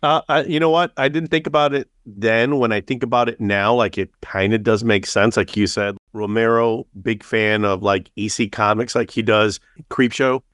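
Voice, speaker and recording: A man's voice: on the low side, fairly even intonation, moderate pace, a bit bright, dry recording, studio quality. A man co-hosting a casual podcast chat, rambling with fillers and acting out little quotes. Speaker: podcast co-host.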